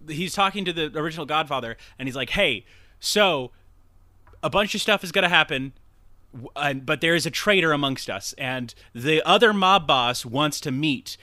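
Podcast host, male, lively and rambling, cusses freely, bright tone, dry close mic. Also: a little high, dry recording. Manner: rambling, profane, laughs at himself, acts out quotes. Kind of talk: casual movie recap chat.

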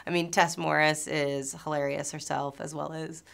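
A woman's voice: deep voice, level tone, moderate pace, gravelly, fairly bright tone. A woman from New York in her thirties, an actress answering interview questions in a chatty way, full of fillers and restarts.

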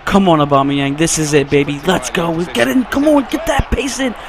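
A young man giving excited live commentary over his own football video game, yelling, pleading and cheering at the play as he goes. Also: a little high, brisk, background noise. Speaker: gaming video creator. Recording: game sound and music clearly behind. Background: video game audio and music.

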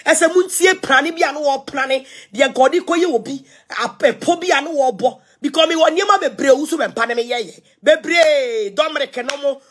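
A woman's voice: sits high, moderate pace. A middle-aged Ghanaian woman ranting on social media, defiant and scolding, repeating herself as she mixes languages. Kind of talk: ranting live video.

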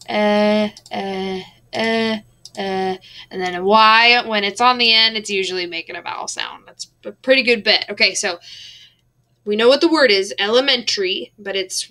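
A woman teacher giving a recorded lesson, patient and drawing out words slowly to count out their beats. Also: medium pitch, pushed and bright.

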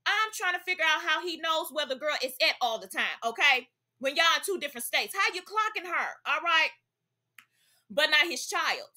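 A young woman with a high, sharp, animated voice hosts a celebrity gossip vlog at a moderate pace. Her chatty commentary is sassy and emphatic, with points tagged by "okay?".

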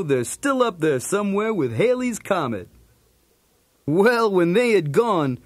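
Cooler, a wisecracking cartoon dog. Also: male voice, high-pitched, no room sound, heavily acted. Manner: jokey, streetwise, punning. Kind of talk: storybook cassette narration.

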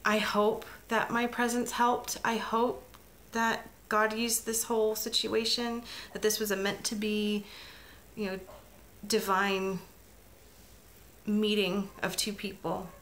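A woman's voice: mid-range voice, flat delivery, slow, a bit bright, a little hiss or hum. A middle-aged woman telling a story as a crafting vlogger, chatty and emotional, with many restarts and asides. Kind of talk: casual vlog chat.

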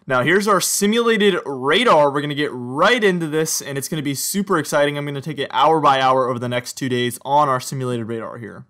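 Young man, slight Southern American accent, weather forecaster, upbeat, chatty, middle-pitched voice. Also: fast talker, few pauses. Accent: slight Southern or Mid-Atlantic American. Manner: upbeat, chatty, talks straight to viewers with lively pitch jumps. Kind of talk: scripted-free weather forecast over radar maps.

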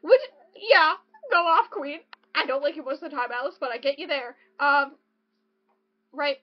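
A woman's voice: high voice, normal speed. Gushing young woman, lo-fi podcast. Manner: gushing, excitable, swings between reading and joking. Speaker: podcast host. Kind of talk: casual book chat with read-aloud passages. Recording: dull lo-fi podcast audio.

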